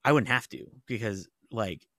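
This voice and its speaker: In a clean studio recording with no echo, a middle-aged man who writes for TV and novels chats casually, rambling through stories. His voice is fairly low and sharp at a normal pace, studded with "like" fillers and occasional profanity.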